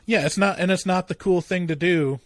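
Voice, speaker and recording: Easygoing male podcast co-host, slightly high voice, dry sound. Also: fairly quick, no echo. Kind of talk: casual podcast chat.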